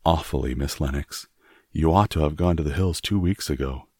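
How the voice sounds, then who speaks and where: A man's voice: extremely low pitch, moderate pace, a little mellow, breathy edge, no room sound, studio quality. A man voicing a nervous young army officer who speaks in a trembling voice, in an audiobook reading. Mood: grave. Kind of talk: audiobook character voice.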